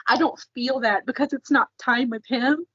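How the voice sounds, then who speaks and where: A woman cohosting a podcast, telling a personal story in a lively way and acting out the lines she quotes. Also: sits high, moderate pace, husky, no echo, muffled recording. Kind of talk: casual podcast chat.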